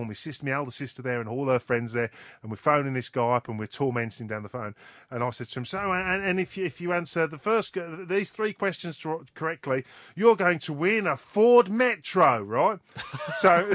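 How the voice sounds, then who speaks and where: A man hosts a local radio show, spinning animated stories and laughing often. His voice sits a little high for a man. The sound is dry, with no room echo. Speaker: radio host. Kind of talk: casual radio banter.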